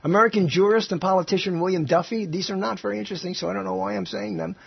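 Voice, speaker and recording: A man's voice: sits high, expressive, rapid-fire, creaky, slightly rough, no echo. A man co-hosting a casual chat, joking and laughing often as he reads through a list. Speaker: co-host. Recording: dull lo-fi sound.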